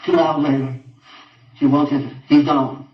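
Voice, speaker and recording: An older man giving a halting personal account in an interview, repeating himself and often trailing off quietly. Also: fairly high pitch, little pitch movement. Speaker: interviewed father. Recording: roomy, distant, dull audio.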